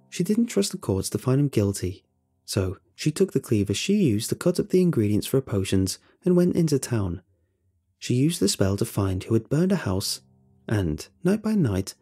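A man voicing an excitable, teasing older boy who tells a spooky tale with rising eagerness. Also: mid-range voice, slightly rough. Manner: animated, raised and eager.

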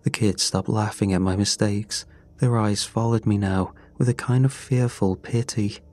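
A man narrating a scripted horror story in a slow, measured, grim way. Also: fairly low pitch, steady tone, a little mellow. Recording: dry close voice over faint music. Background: faint music.

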